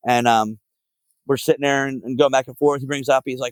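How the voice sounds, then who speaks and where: Philly guy, mid-pitch, dry recording; loose, cussing raconteur who strings stories together with fillers. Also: steady tone, brisk, no room sound, rough recording. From Philadelphia area. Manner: profane, rambling, heavy on filler words. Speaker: guest musician. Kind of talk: casual podcast storytelling.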